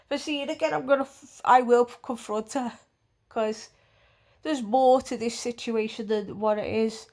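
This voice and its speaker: A woman recounts a story in a vlog, blunt and full of swearing. Her voice sits a little high and has a gravelly, creaky edge. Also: moderate pace, darkish tone. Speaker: vlogger.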